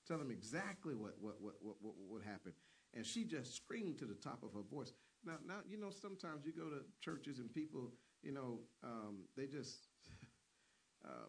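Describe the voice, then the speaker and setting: A man's voice: mid-range voice, big pitch swings, normal speed. A man preaching a sermon with fervent emphasis, often repeating words as he restarts and punctuating lines with amens.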